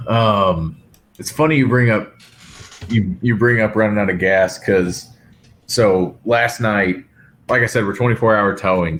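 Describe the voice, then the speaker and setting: A man who is a guest on a podcast, telling a story in a relaxed, plain-spoken way. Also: deep voice, a little hiss or hum. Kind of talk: casual conversation.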